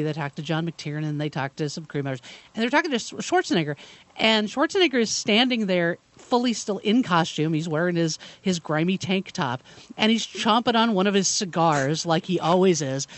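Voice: mid-range voice, no echo. Chatty co-host on dry studio mic. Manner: chatty anecdotal storytelling. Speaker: radio co-host. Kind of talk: casual talk radio banter.

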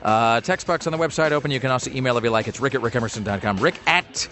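Fast-talking wry male radio host. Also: mid-range voice, bright, forceful tone, soft background music. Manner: rambling, wry, many fillers. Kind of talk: casual radio banter.

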